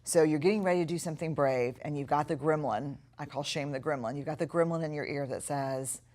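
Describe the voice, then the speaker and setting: A middle-aged woman teaching a recorded lesson in a notably low voice. She speaks earnestly and reflectively and slows right down to lean on key words. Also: darkish tone. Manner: earnest, reflective, with slow emphatic stretches. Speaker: course instructor.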